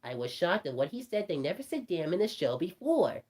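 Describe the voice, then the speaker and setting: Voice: medium pitch, very animated, a little fast, darkish tone. A performer voicing a cartoon rabbit telling a creepy story, rambling with stumbling restarts. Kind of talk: storytelling in character.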